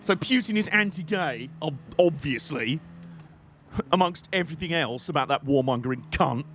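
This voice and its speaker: A man's voice: a little high, lively intonation, moderate pace, a bit bright, slight background noise. A young man giving rambling, jokey live commentary while playing a racing game on stream. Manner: jokey, rambling, chatty banter.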